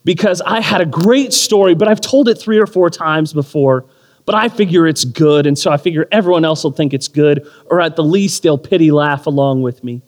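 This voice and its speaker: Man, 30s, pastor; lively, self-mocking sermon storyteller, slightly high voice, long hall reverb. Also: moderate pace. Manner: animated storytelling with self-deprecating humor. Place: church or community hall.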